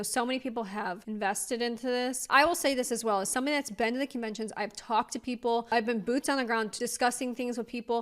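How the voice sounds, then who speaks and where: A woman hosting a commentary channel, talking casually and emphatically straight to her viewers. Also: on the high side. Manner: emphatic, addresses viewers directly.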